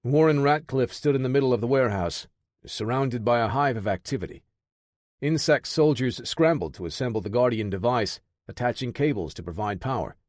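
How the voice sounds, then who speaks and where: A man's voice: medium pitch, a little fast, darkish tone, no echo, clean studio sound. Man narrating a military thriller. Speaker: audiobook narrator. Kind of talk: scripted audiobook narration.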